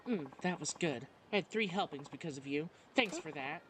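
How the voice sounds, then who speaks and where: A man's voice: fairly high pitch, animated, moderate pace, fairly bright tone, slight background noise, low-quality recording. A man reading a game aloud, voicing a vain young female idol rival with a haughty, taunting manner. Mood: petulant. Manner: haughty, taunting, self-important. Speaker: let's play narrator.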